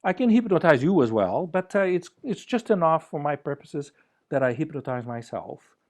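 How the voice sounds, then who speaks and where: A man giving a relaxed conference talk over a video call, joking playfully and gently guiding listeners through exercises. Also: fairly high pitch, moderate pace. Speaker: conference speaker.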